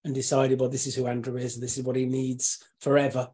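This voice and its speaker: A man hosting a casual live chat, rambling with restarts and frequent throat clearing. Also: mid-range voice, level tone, fast talker, warm tone. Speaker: host.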